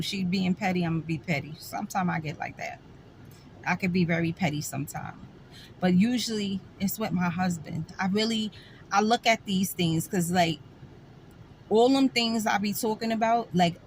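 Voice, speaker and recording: A woman's voice: mid-range voice, slight background noise, rough recording. A middle-aged woman, talking bluntly and sassily to camera in a casual vlog, with wry laughs. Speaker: vlogger.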